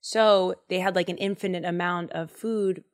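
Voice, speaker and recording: A woman's voice: lowish voice, fairly even intonation, moderate pace. A woman hosting a podcast, retelling Bible stories in a casual, slangy, chatty way. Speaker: podcast host.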